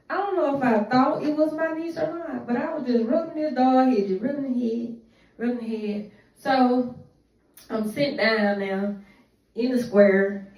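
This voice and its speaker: A woman's voice: a little high, darkish tone. A woman telling a rambling, profane personal story in a casual storytime monologue. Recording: echoey room, voice from a distance.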